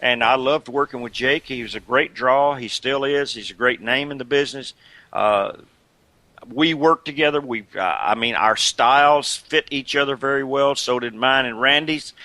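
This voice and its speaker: An older man in a casual interview, chatting in an animated way about his career and breaking into imitations and laughs as he tells stories. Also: medium pitch, normal speed, no room sound. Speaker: guest, retired wrestler.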